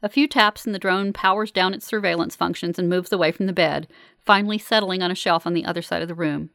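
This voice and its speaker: A woman narrating a first-person novel as an audiobook, in a wry, measured manner. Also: fairly low pitch, steady tone, vocal fry, fairly bright tone, no echo, studio quality.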